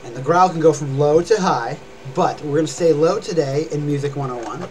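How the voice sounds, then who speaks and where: The recording is low quality with a little hiss or hum. A young man streams live, explaining screams and growls in a chatty, rambling way with demonstrations. His voice is a little high and his pace a little fast.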